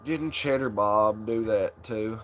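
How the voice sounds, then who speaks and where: A man's voice: fairly low pitch, slow pace, a little hiss or hum. A young man hosting a casual chat, rambling in a laid-back way, swearing often and laughing along. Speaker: channel host.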